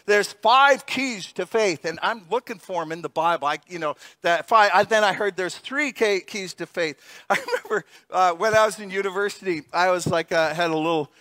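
Animated, bright-voiced male preacher. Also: high-pitched, moderate pace, no room sound. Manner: animated, laughing, acts out voices. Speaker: pastor. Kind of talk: sermon.

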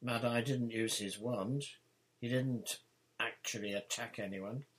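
A man voicing a harried middle-aged wizard father, hurried and a little hesitant. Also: medium pitch, steady tone, background noise, voice pushed up, natural voice.

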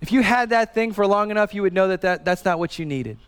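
A man's voice: high-pitched, fast, clean tone. Guy in his 30s preaching, talks casual with lots of "like", echoey sanctuary with a long reverb tail. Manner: earnest, conversational preaching with frequent fillers and restarts. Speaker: pastor. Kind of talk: sermon. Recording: reverberant hall.

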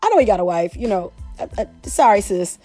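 Animated woman podcasting. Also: mid-range voice, a little fast, soft background music. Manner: animated, exclamatory, chatty. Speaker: podcast host. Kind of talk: casual solo podcast commentary.

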